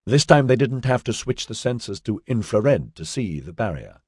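A man narrating an audiobook in a measured storytelling manner, voicing all the characters. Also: mid-range voice, very animated, a little mellow, husky, dry recording, clean studio sound. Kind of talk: scripted narration.

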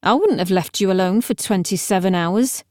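A woman's voice: medium pitch, moderate pace, a little mellow, no echo, lightly acted. A woman reads a terse young bodyguard who gives short, clipped orders. The delivery is curt and dutiful, recorded dry and close. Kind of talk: audiobook character reading.

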